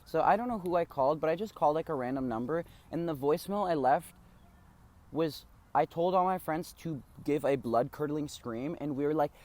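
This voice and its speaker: A man's voice: a little high, a little fast, darkish tone. A teenage young man co-hosting a podcast, chatting casually in a rambling way, swearing freely and acting out people in his stories. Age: teens. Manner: rambling, swears freely, acts out voices in anecdotes. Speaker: podcast co-host. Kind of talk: casual chat.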